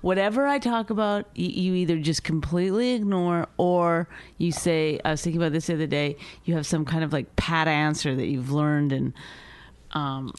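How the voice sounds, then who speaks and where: A woman co-hosting a casual talk show with her husband, teasing and exasperated, at times quiet and mumbling. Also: sits low, steady tone, normal speed, clear, resonant tone, no room sound. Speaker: podcast co-host. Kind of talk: casual married-couple banter.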